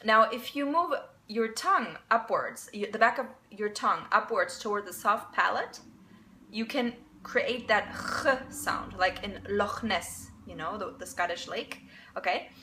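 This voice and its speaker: A woman teaching a casual language lesson, explaining step by step, repeating example words slowly and often checking in with "okay?". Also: mid-range voice, lively intonation, bright, forceful tone, a little hiss or hum, low-quality recording.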